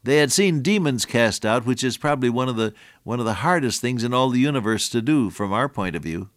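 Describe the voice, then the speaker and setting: A man's voice: medium pitch, lively intonation, brisk, no echo, clean studio sound. An older man preaching an earnest radio sermon, his voice rising and dropping in volume for emphasis.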